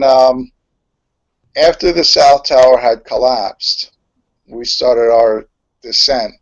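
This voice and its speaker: A man, a fire chief guest, telling a story slowly and haltingly with many pauses and fillers. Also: medium pitch, dry recording. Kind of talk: emotional storytelling. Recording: muffled lo-fi web call audio.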